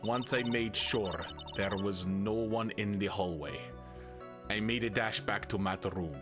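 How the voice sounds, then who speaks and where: A cornered young female witness from a game, voiced by a man with a shaky put-on Russian accent. She speaks in a halting, hesitant way, pitched low and unhurried. Music plays clearly behind. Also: lightly acted. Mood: confessing.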